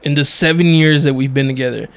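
A man's voice: a little high, fairly even intonation, quick pace. A young man co-hosting a podcast, casual and joking, laughing often and swearing freely. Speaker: podcast co-host. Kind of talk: casual chat.

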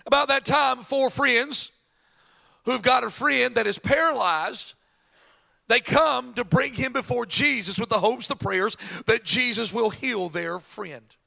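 A male pastor preaching a sermon, telling a Bible story in an animated way with folksy asides. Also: very high voice, measured pace, gravelly.

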